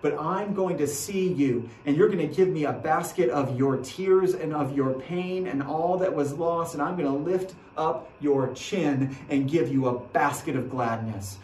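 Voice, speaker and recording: A man preaching a sermon as pastor, earnest, repeating his phrases, dropping to a hush and then rising to a rousing call. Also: a little high, a little hiss or hum. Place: church sanctuary. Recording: echoey church from a distant mic.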